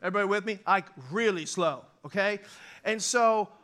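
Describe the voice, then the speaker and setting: A middle-aged male pastor preaching with a high, bright and forceful voice. He talks in a loose, conversational way, full of restarts and asides, and acts out quick voices in his stories. His sermon is delivered live in a church.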